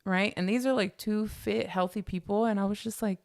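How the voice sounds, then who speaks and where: Gravelly, earnest woman guest. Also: mid-range voice, steady tone, brisk, no echo, studio quality. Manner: earnest, emotional, quotes others in little voices. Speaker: podcast guest. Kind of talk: candid personal conversation.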